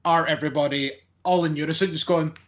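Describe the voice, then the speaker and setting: A man's voice: a little high, fairly even intonation, fast, a bit bright, dull audio. A man co-hosting a wrestling podcast, recapping matches in a casual, rambling way with lots of fillers. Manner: rambling, hesitant with many fillers.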